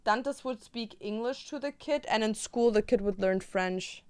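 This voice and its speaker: A woman's voice: a little high, normal speed, clear, resonant tone. A young woman whose first language is German, chatting casually and playfully while crafting on a stream.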